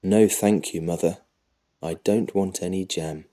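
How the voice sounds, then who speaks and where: A man's voice: sits low, fairly even intonation, a little slow, warm tone. A man voicing a sly little boy who sounds sweetly polite and innocent, in an audiobook story for children.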